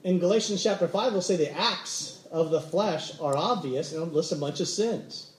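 A man with a bright, high voice preaches a sermon in a roomy, echoing church hall. He tells stories with lively energy and acts out everyday conversations. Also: moderate pace, slight background noise. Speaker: pastor. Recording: roomy echo.

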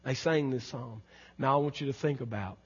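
A man preaching a sermon as pastor, emphatic, swinging between loud exclamations and quiet low lines. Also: moderate pace, breathy edge. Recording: dull sound with long hall reverb.

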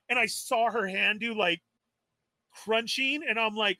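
A man's voice: very high-pitched, animated, normal speed, pushed and bright, no echo. A man animatedly telling a story on a live stream podcast, exasperated and acting out his own quotes. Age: adult. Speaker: toy podcast co-host.

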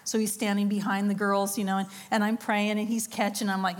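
A woman's voice: mid-range voice, level tone, fairly quick, hardly any pauses. A middle-aged woman giving a sermon, telling a story with quoted voices and laughing asides. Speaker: conference speaker. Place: church or conference hall.

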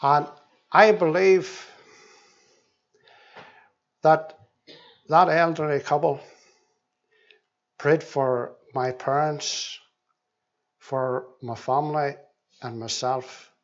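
A man reading scripture, praying and giving his testimony at a church meeting, speaking deliberately and often repeating words as he prays. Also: a little high, steady tone, muffled recording. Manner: slow and deliberate, with frequent repeated words in prayer. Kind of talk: Bible reading, prayer and testimony.

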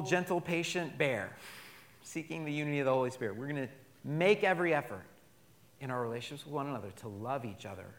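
A man preaching a sermon as pastor, drawing call-and-response from the congregation and swinging between emphatic and quiet delivery. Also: mid-range voice.

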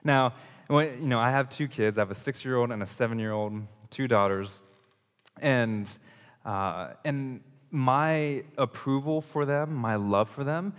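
A male pastor, likely in his thirties, delivering a sermon in a loose, conversational way, with emphatic pushes and frequent restarts. His mid-pitched voice rings out with a long reverb, as if in a large hall.

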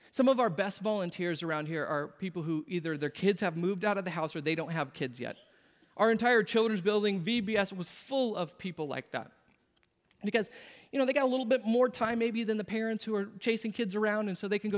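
In a church sanctuary, a pastor in his thirties gives an earnest, conversational sermon with quoted asides. His voice is high-pitched and fairly quick, with a big-room sound.

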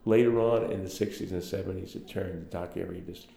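Older Brooklyn man, deep gravelly voice. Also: steady tone, brisk, mellow, reverberant. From Brooklyn, New York. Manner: rambling, anecdotal, many fillers. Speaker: interviewee. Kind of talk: oral history interview.

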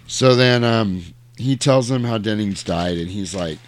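Recapping a movie on a podcast, this co-host speaks a touch slowly in a fairly low voice. The chat is casual, and he acts out what the characters say along the way.

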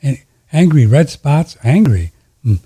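A man's voice: on the high side, lively intonation, measured pace, warm tone, slightly rough. A man hosting a talk show, relaying listener questions with short reactions. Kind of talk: casual radio talk.

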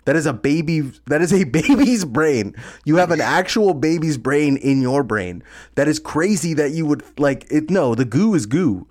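A man's voice: on the high side, moderate pace. A man co-hosting a podcast in casual chat, telling stories with lots of laughter and acting out the people he quotes. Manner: animated storytelling, laughs often, acts out quotes. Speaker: podcast co-host.

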